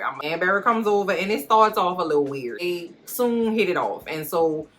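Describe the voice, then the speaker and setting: Low-voiced woman recapping with slangy jokes. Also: moderate pace. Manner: animated, slangy, cracking jokes. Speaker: recap vlogger. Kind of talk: comedic watch-along recap.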